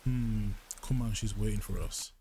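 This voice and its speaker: A man's voice: lowish voice, steady tone, moderate pace, background noise, natural voice. A man reading the lines of a shaken young male detective who insists he is fine. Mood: tense.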